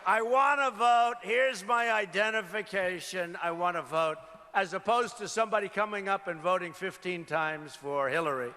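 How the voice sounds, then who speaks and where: A man's voice: high voice, moderate pace, pushed and bright. A man giving a campaign rally speech, emphatic and repetitive, calling out to the crowd. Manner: emphatic, repeats phrases, calls out to crowd. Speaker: political candidate. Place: large indoor rally venue. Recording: reverberant arena with crowd noise. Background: crowd murmur.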